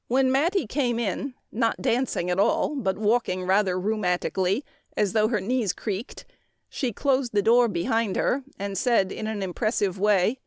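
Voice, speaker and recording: This is a woman reading a classic tale aloud as an audiobook narrator, her delivery measured and expressive. The pitch is mid-range, with clean studio sound and no audible room.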